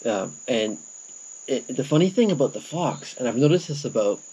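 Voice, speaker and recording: A man chatting in a relaxed, playful way as a travel vlogger, recorded outdoors on an action camera. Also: medium pitch, moderate pace, breathy edge. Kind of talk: casual chat. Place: outdoors in a rural mountain garden.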